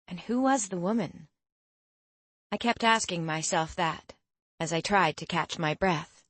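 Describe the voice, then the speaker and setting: A woman reading a fantasy story aloud in first person, measured and expressive. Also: on the low side, no echo. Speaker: audiobook narrator. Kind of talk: scripted first-person narration.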